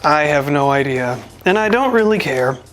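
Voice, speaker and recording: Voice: medium pitch, expressive, normal speed, a bit bright, a little hiss or hum. A wrestling show reviewer giving a casual, rambling spoken recap, full of wry, self-deprecating jokes and asides. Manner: rambling and chatty, with jokey asides.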